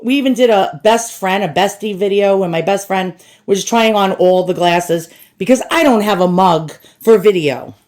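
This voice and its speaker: A woman's voice: mid-range voice, normal speed, few pauses, darkish tone. A woman in a blunt, profane, casual rant to camera, unboxing and chatting with her viewers. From United States. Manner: blunt and profane, addresses viewers as "boys and girls". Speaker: shopping vlogger. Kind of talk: casual ranting chat to camera.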